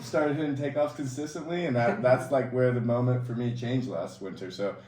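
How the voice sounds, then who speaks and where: A man co-hosting a podcast, telling stories in a lively way and laughing often. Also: medium pitch, moderate pace, few pauses. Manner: animated storyteller, laughs often. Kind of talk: casual chat. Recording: roomy, distant mic.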